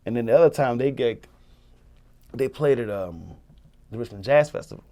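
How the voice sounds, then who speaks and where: A man's voice: medium pitch, moderate pace, dark tone. A young man, a music producer, telling a story in casual chat, loose and full of fillers. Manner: loose, filler-heavy, many "like"s, acts out quotes.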